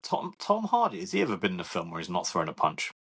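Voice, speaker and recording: Low-voiced male co-host, slightly husky, teasing sense of humor. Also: huge pitch swings, fast, fairly bright tone. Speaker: podcast co-host. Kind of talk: casual film chat.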